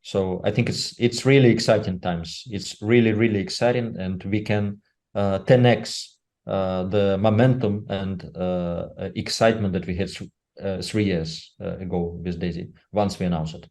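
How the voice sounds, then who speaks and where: A man speaking unscripted on a webinar, halting and filling pauses with "uh" and asking "right?" again and again. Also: deep voice, steady tone, darkish tone. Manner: halting, full of "uh" and tag "right?". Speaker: company leader speaking on a webinar.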